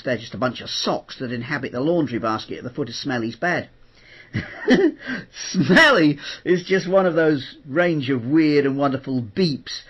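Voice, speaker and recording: Lively, jokey man. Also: a little high, slightly rough, dull audio. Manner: animated, jokey, acts out quotes. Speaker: host. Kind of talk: chatty spoken podcast monologue.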